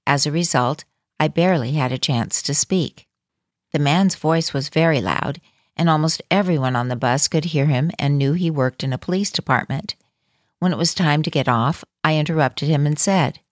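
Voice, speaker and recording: A woman with a low voice reads a first-person account in calm, measured scripted narration. Her voice sounds dry and close, with no room around it. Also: no room sound.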